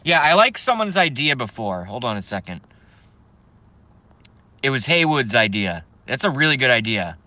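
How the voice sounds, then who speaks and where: A man's voice: mid-range voice, very animated, normal speed, long pauses, pushed and bright, no echo. A young man ranting casually on a live stream, joking, swearing, rambling and answering chat. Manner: profane, rambling, joking, reads chat aloud.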